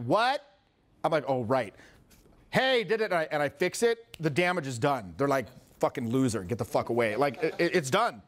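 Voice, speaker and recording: A man coaching a live seminar audience, talking casually and animatedly and swearing often. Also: on the high side. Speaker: social skills coach.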